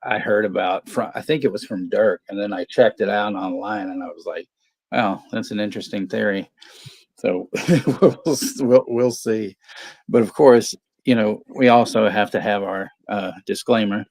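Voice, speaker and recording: A man's voice: lowish voice, moderate pace, gravelly, darkish tone, no echo. A man hosting a movie watch-party stream, chatting casually and joking with laughs between phrases. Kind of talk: casual livestream chat.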